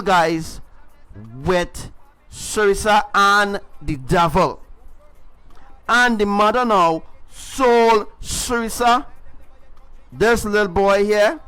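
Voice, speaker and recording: A man's voice: high-pitched, fairly bright tone, clear, resonant tone. A man giving a livestreamed spiritual testimony, emphatic and repetitive, often adding "right?". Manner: repetitive, emphatic storytelling with tag questions. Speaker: self-styled spiritual preacher. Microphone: livestream mic.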